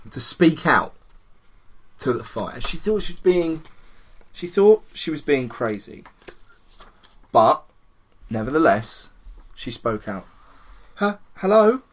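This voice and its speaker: A man telling an improvised story in a game, animated, laughing and impatient with interruptions. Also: mid-range voice, slow pace, long pauses, breathy edge.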